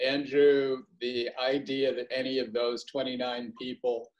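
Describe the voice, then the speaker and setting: A man's voice: mid-range voice, flat delivery, unhurried, highs cut off. A man co-hosting a podcast, teasing and exasperated in casual banter. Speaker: podcast co-host.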